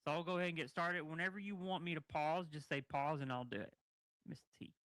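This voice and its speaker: Man, stream co-host, bright forceful voice, dry close sound, chatty, rambling. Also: on the high side, quick pace, dry recording. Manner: chatty, rambling, reads chat aloud. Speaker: livestream co-host. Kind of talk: casual livestream chat.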